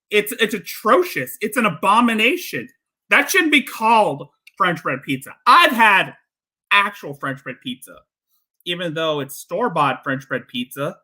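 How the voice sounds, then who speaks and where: A man's voice: high-pitched, bright, forceful tone. A male livestream host giving casual, mocking commentary on a clip. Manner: mocking, ranting.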